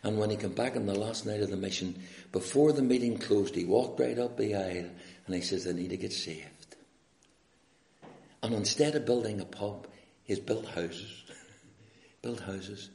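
A low-voiced Northern Irish man preaches with a rough, gravelly edge, telling stories and pressing his listeners with urgent questions. He shifts between near-whispers and ringing appeals. The church around him adds a roomy echo. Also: normal speed. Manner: impassioned, swinging from hushed to loud appeals. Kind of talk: evangelistic sermon with storytelling.

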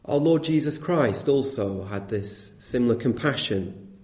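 A man's voice: medium pitch, lively intonation, unhurried, a little mellow. A man preaching a sermon, earnest and emphatic, asking the congregation rhetorical questions. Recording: echoey room.

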